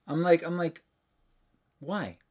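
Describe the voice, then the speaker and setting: A man's voice: a little high, slow pace, darkish tone. A man hosting a livestream in casual chat, talking loosely and restarting his sentences often. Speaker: livestream host.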